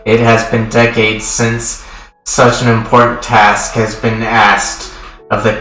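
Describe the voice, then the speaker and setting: A man's voice: lowish voice, level tone, slow pace, a bit bright. A man streaming a game, reading the dialogue and narration aloud in a plain voice and chuckling often. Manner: reads lines in a plain voice with frequent chuckles. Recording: roomy sound with game music behind.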